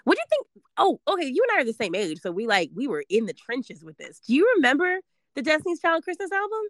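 A woman in her thirties, hosting a casual chat, animated and laughing as she talks. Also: sits high, fast talker, no room sound, clean studio sound. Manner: animated, laughing, reads lyrics aloud playfully.

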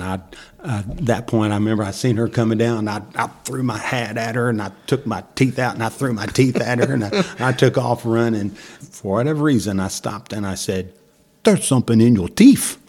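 A husky man telling folksy church stories, laughing often. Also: lowish voice, fairly even intonation, moderate pace, a little mellow. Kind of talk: casual storytelling.

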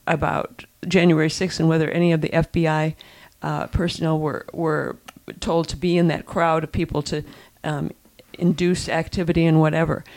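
Gravelly-voiced woman talking emphatically. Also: low voice, darkish tone. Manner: emphatic, repeats herself, many restarts. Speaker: co-host and columnist. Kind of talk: casual political chat.

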